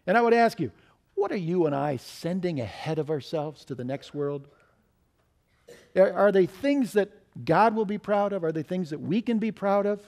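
A man's voice: high-pitched, animated, normal speed, a little mellow. A male pastor preaching a sermon in a church, telling stories and asking the congregation questions in an earnest way. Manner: earnest, urges listeners to listen carefully. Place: church sanctuary.

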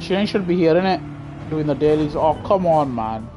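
A man's voice: fairly high pitch, expressive, normal speed, music in the background. A man giving slangy, chatty live commentary while streaming a racing game on a headset mic, talking to himself and to his viewers. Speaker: gaming streamer. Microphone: gaming headset.

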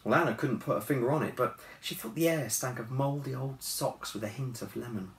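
Gravelly, animated man in a roomy office. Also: mid-range voice, brisk. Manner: chatty, relaxed, with fillers. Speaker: children's author and illustrator. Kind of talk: reading a children's book aloud. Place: his office. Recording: roomy, distant mic, faint hiss.

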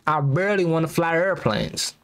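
A man's voice: on the high side, normal speed, a bit bright. A young man giving rambling, slangy reaction commentary as a YouTuber, laughing nervously between remarks.

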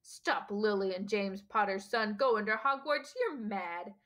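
A woman voicing a huge, bearded male gamekeeper who is gruff but kindly and speaks in a rough, folksy country dialect. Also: mid-range voice, expressive, measured pace, fairly bright tone. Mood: defiant.

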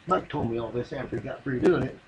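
A man's voice: medium pitch, fast talker, a loud crowd, low-quality recording. A man telling a rambling, profane comic yarn in folksy, drawling speech. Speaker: comedian telling a story. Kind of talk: stand-up comedy monologue.

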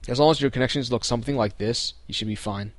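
A fast-talking young man with a mid-range voice runs a casual screen-recorded computer tutorial, step by step. The recording is dry, and his relaxed host style is littered with ums and restarts.

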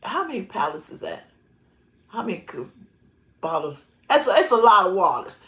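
A woman pastor preaches in an emphatic, lively way, laughing often between her words. Her voice sits at a middling pitch, and it rings in a roomy church space. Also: normal speed. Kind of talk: sermon and prayer.

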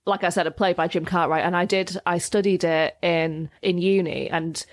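A woman co-hosting a chatty podcast, reading quotes from an article in a lowish voice. Her sound is dry and close, with no room around it. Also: fairly even intonation, moderate pace, dry recording. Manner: reads quotes aloud with laughs between. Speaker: podcast co-host. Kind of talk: casual chat, reading an article aloud.

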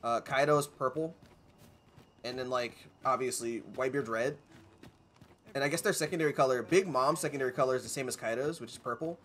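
A man's voice: medium pitch, fairly quick, a bit bright. Rambling, jokey male game streamer. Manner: rambling, jokey, talks to chat. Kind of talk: casual gameplay commentary.

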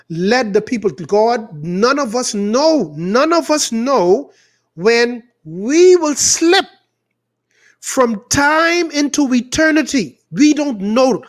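Fervent high-voiced male preacher. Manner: fervent, rising and falling, stretches words for emphasis. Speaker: pastor. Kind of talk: preaching prayer and sermon.

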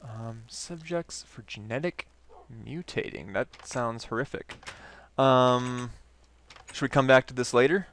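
A man's voice: medium pitch, unhurried, fairly bright tone, a little hiss or hum. A young man hosting a game video, chatting casually and reacting as he plays. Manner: chatty, reacts while playing. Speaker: game host.

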